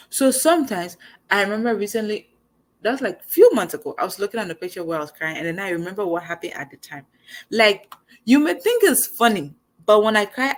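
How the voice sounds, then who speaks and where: A young woman giving a casual motivational talk as host, animated and conversational. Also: medium pitch. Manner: animated, conversational, acts out quoted lines.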